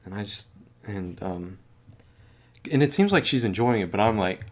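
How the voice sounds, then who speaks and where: A man's voice: lowish voice, animated, moderate pace. A man casually retelling a movie he watched, swearing a lot, laughing and acting out the characters' lines. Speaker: podcast co-host.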